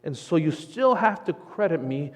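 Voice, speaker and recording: A preacher voicing a stern, demanding Lord. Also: male voice, fairly high pitch, very animated. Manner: slow, stern, emphatic. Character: demanding male Lord asking his due. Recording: long church hall reverb.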